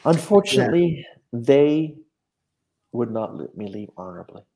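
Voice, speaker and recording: A minister recounting a personal spiritual experience in conversation, talking earnestly and with animation. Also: male voice, medium pitch, very animated, normal speed, dark tone.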